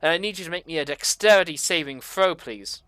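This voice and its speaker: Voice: mid-range voice, expressive, fairly quick, fairly bright tone, clear, resonant tone, no room sound. A game master narrating a tabletop game, describing scenes loosely with many fillers.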